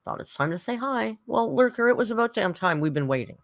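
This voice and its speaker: A woman's voice: fairly high pitch, animated, a little fast, dry recording, studio quality. A woman from Canada hosting a casual reaction stream, making wry remarks, swearing now and then, and reading viewer messages aloud. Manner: wry, swearing, reads super chats aloud.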